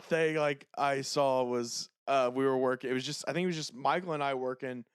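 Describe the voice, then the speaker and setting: A man co-hosting a podcast in casual chat, laughing often, swearing freely and telling animated stories. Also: medium pitch, brisk, clean tone, no echo, studio quality. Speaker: podcast co-host.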